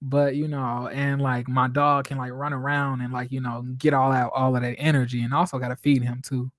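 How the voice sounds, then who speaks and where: A man hosting a casual live stream from home, telling stories in a dramatic, expressive way, swearing freely and laughing often. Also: mid-range voice, a little fast, no room sound, clean studio sound.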